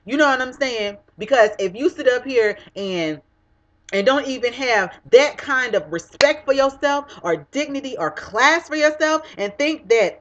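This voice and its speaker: With a high, expressive voice and an unhurried delivery, a young vlogger unleashes a blunt, cutting rant full of profanity directly to camera. The webcam audio sounds dull and lo-fi.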